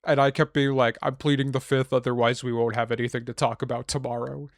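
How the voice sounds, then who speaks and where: A young man co-hosting a podcast in casual chat, ranting with lots of swearing and bursting into loud, exasperated shouts. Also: mid-range voice, level tone, fast talker, no room sound, studio quality. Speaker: podcast co-host.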